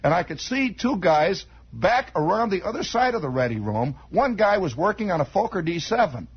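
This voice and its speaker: A man's voice: high voice, sing-song, moderate pace, breathy edge. Man telling a rambling comic radio yarn. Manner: rambling comic storytelling with acted-out shouts. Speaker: radio storyteller host. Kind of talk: improvised radio monologue. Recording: dull lo-fi 1960s radio broadcast.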